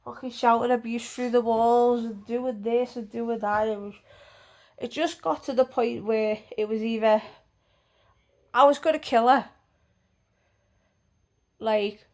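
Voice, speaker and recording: Woman ranting a storytime vlog, swears loads, slightly high voice with lots of creaky fry. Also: fairly even intonation, unhurried, pauses often, a little mellow. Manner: blunt, heavily sweary storytelling. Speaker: vlogger.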